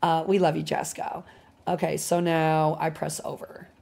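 Woman, game streamer, casual chatter, excitable, profane, effusive. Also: low voice, unhurried, gravelly. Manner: excitable, swears a lot, gushes over viewers.

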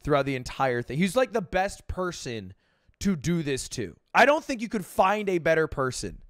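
Animated young man with a lively voice. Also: fairly high pitch, moderate pace, no echo, studio quality. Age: 20s. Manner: animated, laughing, filler-heavy rambling. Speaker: streamer reacting to a video. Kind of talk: casual reaction commentary.

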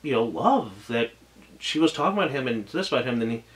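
A man's voice: medium pitch, sing-song, a little fast, fairly bright tone. A man reviewing an anime episode in casual talk, gushing and emotional, rambling with many restarts and trailing thoughts.

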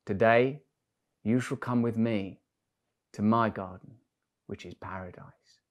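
Brief: calm, holy child from a fairy tale, soft and serene, man doing the voice. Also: on the low side, slow pace. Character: mysterious gentle little boy, holy and calm.

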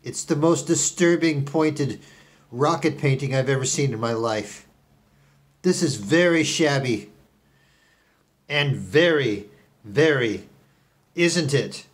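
A man putting on the voice of a grandiose, scheming billionaire tycoon in a comic impression, swinging from low mutters to yelling. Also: animated, slow pace, pauses often.

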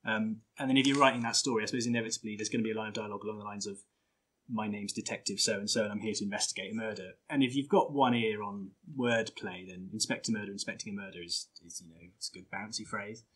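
Brief: a husky-voiced male writer, loose casual chat, hesitant and rambling. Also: on the low side, fairly even intonation, very fast, few pauses, fairly bright tone. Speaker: sketch writer. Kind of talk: casual chat and reading stage directions.

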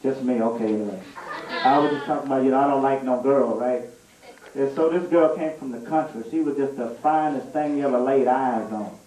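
A man preaching a storytelling sermon, animated and laughing through a comic story. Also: mid-range voice, a little fast. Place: church sanctuary. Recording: echoey church room, mic at a distance.

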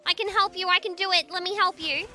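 A woman streamer giving excitable, giggly commentary over her own gameplay, mocking herself and calling out to her teammates. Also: very high voice, fast. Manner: self-mocking, frequent laughter. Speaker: video game streamer. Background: game music.

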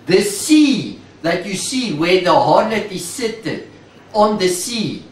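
A man preaching a sermon, emphatic and slow, repeating key words and stretching out phrases. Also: high voice, expressive, slight background noise. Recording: echoey room, mic at a distance.

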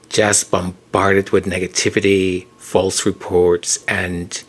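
A man with a fairly low voice hosts his own channel in a slow, unhurried delivery. He talks reflectively and pauses often, sounding close to tears throughout. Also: fairly bright tone. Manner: slow, reflective, pausing to gather himself. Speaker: channel host. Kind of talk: emotional solo commentary.

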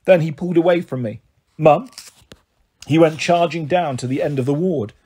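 Husky-voiced man reading a story. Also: fairly high pitch, fast. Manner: steady first-person narration. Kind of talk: reading a children's novel aloud.

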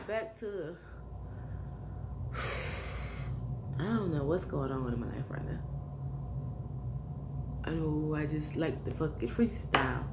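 A woman vlogger rambling in a casual monologue, musing and swearing, sighing often and sometimes dropping into soft whispers. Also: deep voice. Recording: echoey room with background noise.

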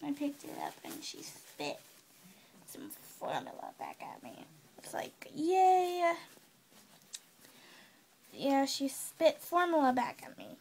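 A woman filming herself on her phone, softly hushing and soothing a baby while chatting casually to her viewers. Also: sits high, huge pitch swings, slow, long pauses. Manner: soothing, hushing, often soft and whispery. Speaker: vlogger caring for a baby. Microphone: handheld phone.

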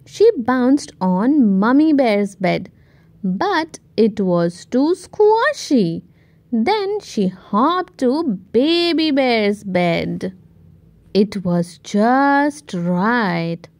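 Slow, expressive children's storyteller woman. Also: a little high. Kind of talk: read-aloud storytime narration.

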